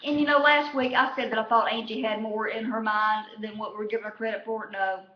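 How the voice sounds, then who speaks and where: A woman's voice: fairly high pitch, fairly even intonation, brisk. A woman chatting casually about a reality show, profane and rambling, full of fillers. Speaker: vlogger recapping a reality show. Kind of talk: casual chat. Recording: echoey room, dull lo-fi sound.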